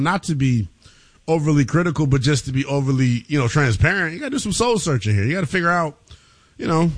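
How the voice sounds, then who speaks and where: A man's voice: medium pitch, no echo. A man hosting a sports talk radio show, easygoing and laughing along with his guest.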